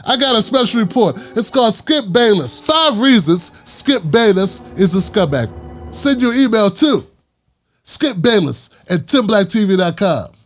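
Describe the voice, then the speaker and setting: A man's voice: high voice, very animated, a little slow. A man hosting an opinion vlog, delivering an impassioned, emphatic monologue that repeats lines for emphasis. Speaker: commentary vlog host.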